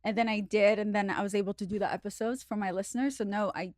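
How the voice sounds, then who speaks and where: A woman from Russia, a podcast guest in casual chat, talking quickly and with energy. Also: mid-range voice, steady tone, no room sound, clean studio sound.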